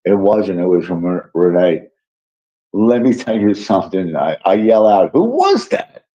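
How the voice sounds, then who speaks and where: A man hosting a live stream, telling a rambling, profane story with excitable asides while drowsy and yawning. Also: sits low, normal speed, lo-fi sound. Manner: profane, excitable, tangent-prone. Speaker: livestream host.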